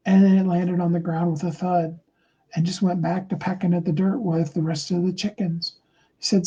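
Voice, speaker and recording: A man giving a motivational talk, telling a story slowly and deliberately, with many fillers and restarts. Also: high voice, level tone, warm tone, husky, highs cut off. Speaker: motivational speaker.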